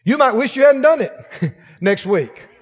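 A man's voice: very high-pitched, a little slow, in a large hall, lo-fi sound. A man preaching a sermon as pastor, acting out the voices of the people in his stories. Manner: animated preaching, acts out quoted voices.

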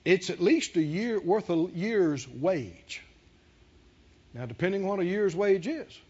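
At a measured pace, a man with a high, slightly rough voice delivers a sermon. He tells a story with laughter and calls out to the congregation in an animated way, with dull, lo-fi recording quality.

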